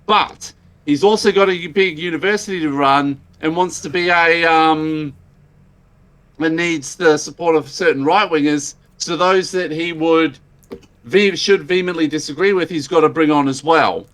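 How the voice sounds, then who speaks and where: Man, podcast co-host, casual chat, agreeable, slightly high voice. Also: moderate pace, fairly bright tone. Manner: agreeable, many short affirmations.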